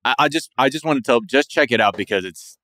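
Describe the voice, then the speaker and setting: A man's voice: mid-range voice, animated, quick pace, pushed and bright, no echo, studio quality. A man co-hosting a podcast in casual chat, joking, swearing freely and slipping into silly voices. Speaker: podcast co-host.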